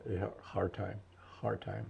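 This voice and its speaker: A man in his seventies, an interview guest and military veteran, telling his story slowly and thoughtfully with many restarts in a gravelly voice. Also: low voice, level tone, slight background noise. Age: 70s. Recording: dull lo-fi recording.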